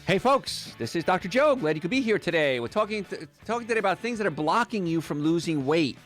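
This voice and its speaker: A man's voice: high-pitched, expressive, fast talker, a bit bright, faint music behind. A man hosting a call-in health radio show, chatty, upbeat and jokey, rambling from one point to the next. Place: radio studio.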